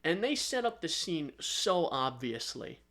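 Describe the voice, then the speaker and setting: A man co-hosting a casual podcast, his voice sitting a little higher than most men's. He rambles through a retelling, full of ums and restarts, and now and then slips into quick acted-out lines. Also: sing-song, bright, forceful tone. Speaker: podcast co-host. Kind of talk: casual chat.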